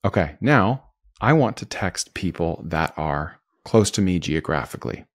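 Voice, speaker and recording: An upbeat man narrates a screen-recorded tutorial, explaining each click as he makes it. His voice sits a little low. The sound is dry and close, with no room around it. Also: sing-song, unhurried, no echo. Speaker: host.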